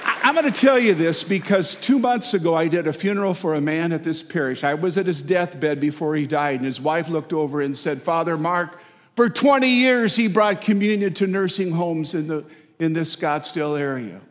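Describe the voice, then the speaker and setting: Animated priest preaching in echoing church. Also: male voice, fairly high pitch, moderate pace. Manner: folksy, animated preaching with audience asides. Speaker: parish priest. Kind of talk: sermon. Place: large church. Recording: long church reverb.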